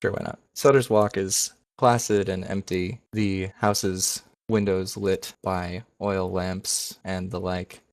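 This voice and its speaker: Game master, man, very low voice, dry close sound, casual narration. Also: little pitch movement, slow, few pauses, no echo. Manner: casual, self-correcting.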